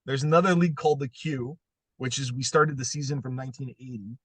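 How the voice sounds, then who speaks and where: A man's voice: mid-range voice, quick pace, a bit bright, slightly rough, dry recording. A man interviewing a guest in casual podcast chat, full of crude jokes. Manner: crude joking banter.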